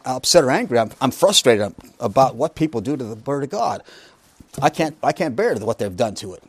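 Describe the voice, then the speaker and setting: Animated preacher man with lively pitch. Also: no echo. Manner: emphatic, with rhetorical questions and joking asides. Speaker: pastor teaching a Bible study. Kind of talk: sermon.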